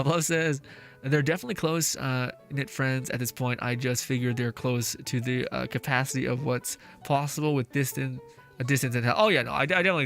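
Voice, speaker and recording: A man's voice: mid-range voice, a bit bright. A male streamer chatting casually while he plays, reading chat aloud, swearing often and laughing easily. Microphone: face mask on while talking. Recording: faint music behind the voice.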